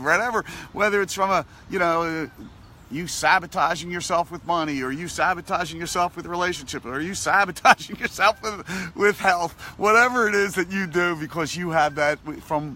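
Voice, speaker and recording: A man giving a casual motivational talk, animated and repetitive in a coaching tone. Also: a little high, a little hiss or hum. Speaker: motivational vlogger.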